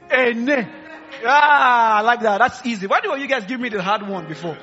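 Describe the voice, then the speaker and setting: A man's voice: very high voice, expressive, brisk, sharp tone, highs cut off, faint music behind. A man preaching a sermon in a church, playfully quizzing the congregation and laughing with them. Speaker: pastor. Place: church hall.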